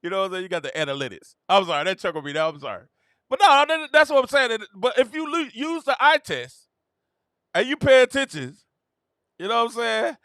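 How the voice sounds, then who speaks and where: A man hosting a sports talk show, chatting casually, laughing often and breaking into high, mocking quotes. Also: very animated, fairly quick, bright, forceful tone, smooth, no echo, clean studio sound. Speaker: podcast host. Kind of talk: casual sports commentary monologue.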